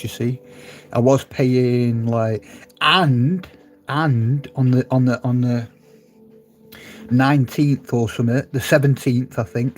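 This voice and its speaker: A man's voice: medium pitch, darkish tone. A man live-streaming from his phone at home, chatting casually and laughing with viewers as he reads their comments. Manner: chatty and laughing, talks straight to viewers in the chat.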